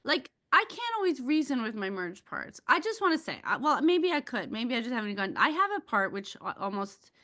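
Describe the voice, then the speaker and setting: A woman's voice: a little high, sing-song, fairly quick, few pauses, pushed and bright. A woman co-hosting a parenting podcast, speaking openly and reflectively about her own inner life. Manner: open, reflective, self-disclosing. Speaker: podcast co-host. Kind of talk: reflective conversational chat.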